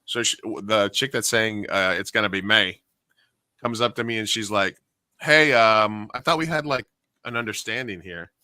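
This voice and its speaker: A man with a bright, forceful voice tells a story in a lively, casual way. He acts out the people in it and swears freely. The sound is dry and close. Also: lowish voice, moderate pace, clear, resonant tone, no echo. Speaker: podcast co-host, karaoke host.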